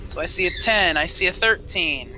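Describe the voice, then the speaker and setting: A man narrating a tabletop role-playing game as dungeon master, quick and conversational. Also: high voice, expressive, sharp tone, slight background noise, rough recording.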